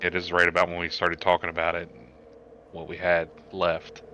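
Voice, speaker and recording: A man's voice: low-pitched, completely flat delivery, a little fast, bright, forceful tone, lo-fi sound, a little hiss or hum. A man co-commentating a sim race, laid-back, chiming in with short replies. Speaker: co-commentator and fellow driver. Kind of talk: casual chat.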